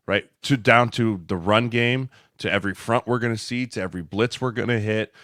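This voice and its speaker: A man's voice: fairly low pitch, a bit bright, dry recording, clean studio sound. Earnest ex-lineman explaining, "right?". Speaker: podcast co-host, former offensive lineman. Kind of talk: casual chat.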